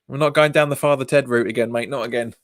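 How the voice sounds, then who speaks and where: A man's voice: mid-range voice, dry recording, studio quality. A man hosting a live football watch-along stream, reacting to the match, reading out viewer comments and laughing often. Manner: reads viewer comments aloud and answers them, laughs often. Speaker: fan channel host.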